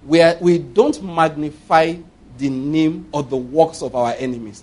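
A man's voice: fairly high pitch, a little slow, darkish tone. A man with a Nigerian accent preaching a sermon, telling humorous stories and making emphatic declarations. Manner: humorous, storytelling, laughs often. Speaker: pastor.

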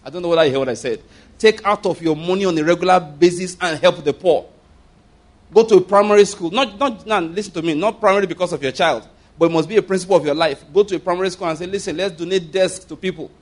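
A man's voice: sits high, fast talker. A Nigerian man in middle age delivers a sermon in a slightly raised voice. He is emphatic and repeats key phrases. He slips into quoted voices as he tells his points. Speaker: preacher.

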